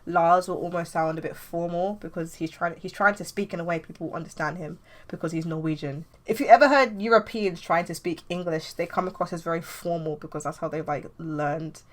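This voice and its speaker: A young woman comic artist talks through her planning in a casual, rambling way, peppered with "like". Her voice sits a little low for a woman. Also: a little fast, few pauses. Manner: chatty, loose, with frequent "like". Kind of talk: casual tutorial vlog.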